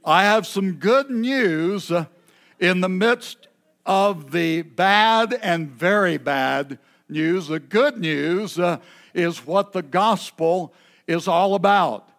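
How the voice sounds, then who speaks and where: Slow-speaking high-voiced male preacher. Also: a bit bright. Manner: unhurried, halting delivery with many filler pauses. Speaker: pastor. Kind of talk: sermon. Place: church service.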